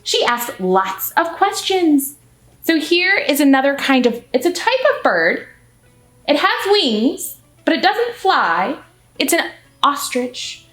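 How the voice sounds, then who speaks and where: A woman reads a picture book aloud to children in an animated storytime voice, stopping to ask her listeners questions. Her voice is high and lively, rising and falling often. It rings in an echoey room with faint music in the background. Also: takes it slowly. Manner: animated, asks the audience questions. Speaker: children's librarian. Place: library.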